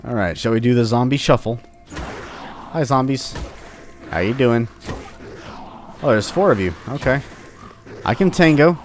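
A man hosts a let's-play, giving casual commentary while playfully teasing and taunting the enemies. His medium-pitched voice is a little slow, with long pauses and slight background noise. His upper back is sore.

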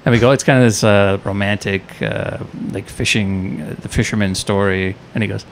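A man, a comedian and actor, guesting on a studio podcast and telling an anecdote in a relaxed, halting way. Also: on the low side, slight background noise. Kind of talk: casual chat, anecdote telling.

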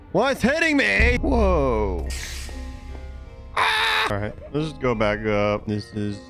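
A man talks through a spooky game, his pitch bouncing all over the place. He yelps and shouts whenever he's startled, over loud background music. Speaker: gaming YouTuber. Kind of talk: reactive horror game commentary.

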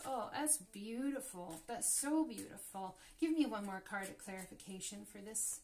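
A woman's voice: medium pitch, lively intonation, moderate pace, few pauses, a little mellow. A woman reading tarot cards for her viewers, often gasping and exclaiming as cards turn up. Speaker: tarot reader. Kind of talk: casual tarot reading to camera.

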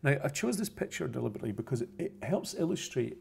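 A man's voice: medium pitch, very animated, fast, creaky, darkish tone, breathy edge. A man explaining a science topic over pictures, unscripted, methodical and repetitive, often correcting himself mid-phrase. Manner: methodical, repeats points, self-corrections.

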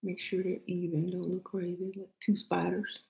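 A middle-aged woman with a Southern accent talks viewers through a makeup routine in easy, playful chat. Her voice carries a gravelly fry, and she often slips into low murmured asides between steps. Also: flat delivery, moderate pace, a little mellow, low-quality recording. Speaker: beauty vlogger. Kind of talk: casual makeup tutorial chat.

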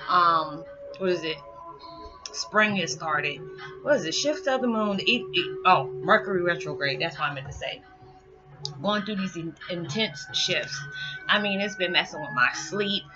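A woman's voice: fairly low pitch, lively intonation, moderate pace. A middle-aged woman, chatting casually to camera at home, rambling and correcting herself and laughing often. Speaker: spiritual vlogger. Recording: dull lo-fi sound with loud music behind. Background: meditation music playing.

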